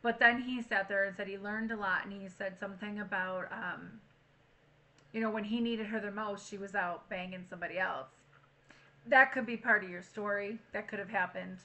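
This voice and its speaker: Bright, chatty woman reading tarot. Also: mid-range voice, fairly even intonation, moderate pace, low-quality recording. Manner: chatty, frank, swears freely. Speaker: tarot reader. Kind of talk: casual tarot reading to camera.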